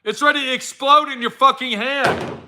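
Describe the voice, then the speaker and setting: Middle-aged man, blunt and profane, preachy motivational vlogger; high, sharp tone. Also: fairly even intonation, normal speed. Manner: blunt, heavy swearing, preachy. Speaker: vlogger giving a motivational talk. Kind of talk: profane casual motivational rant.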